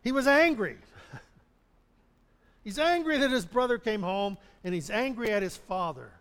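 A man's voice: sits high, expressive, measured pace, pauses often, a bit bright. A man preaching a sermon, retelling a parable and acting out the characters' complaints with frequent chuckles. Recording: long hall reverb.

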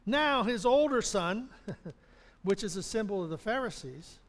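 High-voiced preacher in a reverberant hall. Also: male voice, lively intonation, a little slow. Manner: retells parable, acts out characters' complaints with chuckles. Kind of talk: sermon.

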